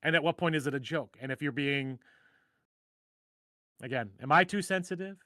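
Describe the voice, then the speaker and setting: A man's voice: on the high side, moderate pace, sharp tone, no room sound, clean studio sound. A middle-aged man hosting a casual live stream, rambling and joking at his own expense. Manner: rambling, joking, self-deprecating. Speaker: host.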